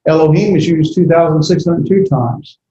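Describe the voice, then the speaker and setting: A man lecturing a class on grammar, pausing often with fillers and correcting himself. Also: fairly high pitch, background noise. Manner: halting, many fillers and self-corrections. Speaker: Bible language teacher. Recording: echoey classroom, dull lo-fi audio.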